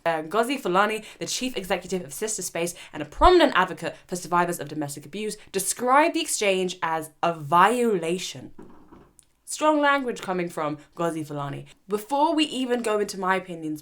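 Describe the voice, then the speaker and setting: Animated woman hosting an opinion vlog. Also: fairly low pitch. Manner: animated, emphatic, argumentative. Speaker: commentary channel host.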